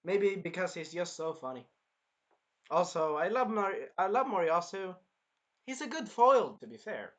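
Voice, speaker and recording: The recording is muffled as a young man with a high voice, speaking at normal speed, casually reviews an anime episode. Animated and profane, he rambles and sometimes acts out the characters.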